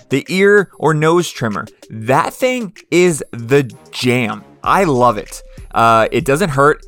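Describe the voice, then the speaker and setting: A man's voice: fairly high pitch, fairly bright tone. A man co-hosting a podcast, reading a sponsor ad in a crude, joking, loose way. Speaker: podcast co-host. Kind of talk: casual ad read.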